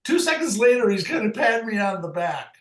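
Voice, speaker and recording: An older man, a retired umpire, telling lively baseball stories in a casual interview and laughing often. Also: sits high, brisk. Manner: animated anecdotes, laughs often. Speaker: retired MLB umpire, guest. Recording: echoey room.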